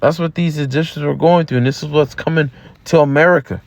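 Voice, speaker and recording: Slightly high, steady and gravelly, this camp teacher's voice moves fast as he teaches scripture in a loose street style. His casual delivery repeats words and tags "man" onto the ends of lines.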